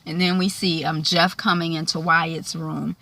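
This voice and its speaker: A woman recapping a TV episode in a chatty, animated way, full of fillers. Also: sits low, unhurried, vocal fry. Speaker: show recapper. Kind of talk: casual TV recap.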